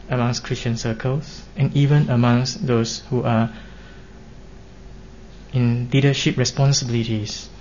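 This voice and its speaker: A man preaching a sermon in an earnest, measured way, pressing his points with emphatic rises. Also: medium pitch, fairly even intonation, a little mellow. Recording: dull lo-fi recording with faint hiss.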